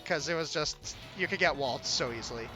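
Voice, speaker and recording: A young man giving casual gameplay commentary as the game's developer, relaxed and self-deprecating, often restarting his sentences. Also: fairly high pitch, a little fast. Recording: game music playing faintly behind.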